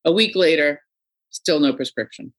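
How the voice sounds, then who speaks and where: A middle-aged woman hosting a podcast, telling stories in a casual, animated way and acting out the people she quotes. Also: low-pitched, normal speed. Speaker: podcast host. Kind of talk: casual interview chat.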